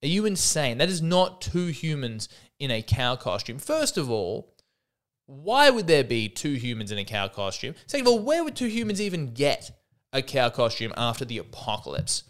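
A man's voice: mid-range voice, fairly quick, bright, forceful tone, natural voice. A man with an Australian accent voicing a starving male cannibal in a told joke, scoffing and incredulous.

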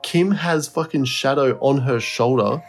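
A man's voice: medium pitch, measured pace, soft background music. A man co-hosting a podcast, telling a story in a rambling, laughing way with a lot of swearing. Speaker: podcast co-host. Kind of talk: casual storytelling chat.

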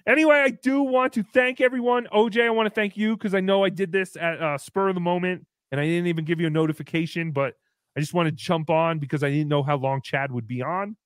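A man hosting a comedy livestream, reading out viewer messages in a goofy, mocking way and jumping into loud cheers. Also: high-pitched, fast talker, no echo, clean studio sound. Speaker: livestream host. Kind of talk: casual comedy livestream chat.

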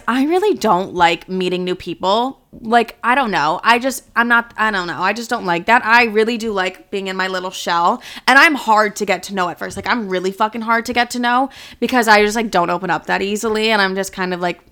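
A woman's voice: mid-range voice, brisk, few pauses, clean tone. A young woman hosting a podcast, talking casually and passionately to camera, swearing freely and filling her sentences with "like". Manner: candid, heavy swearing and filler "like"; passionate, animated storytelling. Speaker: podcast host.

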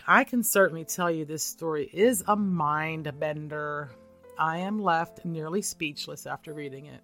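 A podcast host reading a listener's true spooky story aloud in a measured, earnest way. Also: mid-range voice, a bit bright.

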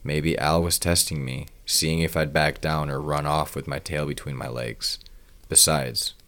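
Man with an extremely deep voice, steady grim first-person story narration. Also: measured pace.

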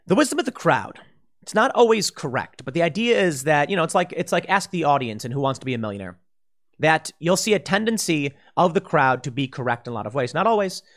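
Man ranting in lively commentary. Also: a little high. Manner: heated, ranting, mocking impressions. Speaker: political commentary host. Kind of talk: opinionated solo commentary.

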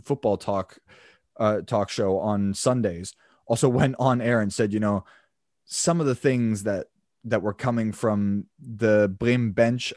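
A man with a fairly low voice talks football on a podcast, rambling easily and restarting his sentences as he goes. The sound is dry and close to the mic, with no room around it. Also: a little mellow, dry recording. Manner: chatty, rambling with restarts and laughs. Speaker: podcast co-host. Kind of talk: casual football podcast chat.

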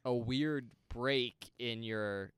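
A man's voice: mid-range voice, extremely slow, fairly bright tone, clear, resonant tone, dry recording. A young man co-hosting a podcast, chatting casually with dry teasing and frequent laughs. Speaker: podcast co-host. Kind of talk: casual film discussion.

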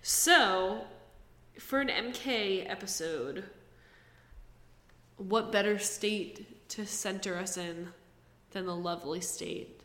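A woman's voice: medium pitch, takes it slowly, pauses often, a bit bright. A young woman from New Jersey co-hosting a podcast in a playful, teasing casual chat. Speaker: podcast co-host. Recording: echoey room.

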